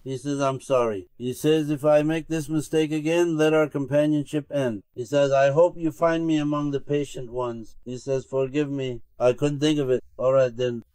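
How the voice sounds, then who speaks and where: Male sheikh, sermon storyteller, middle pitch, dry close sound. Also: fairly even intonation, moderate pace, hardly any pauses, warm tone, smooth, no echo. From Turkey. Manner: retells a tale with many "he says" tags. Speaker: sheikh preaching to his circle.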